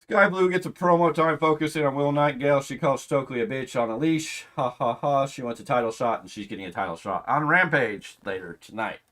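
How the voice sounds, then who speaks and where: Barely pausing, a man with a mid-range voice and slightly quick delivery runs through his thoughts on a wrestling show. It's an exasperated, sarcastic, casual rant that jumps between loud outbursts and low muttering.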